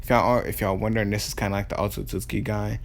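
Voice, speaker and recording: A man's voice: on the low side, flat delivery, fast talker, gravelly. A man casually telling a fan-made story, rambling with many fillers, restarts and casual swearing.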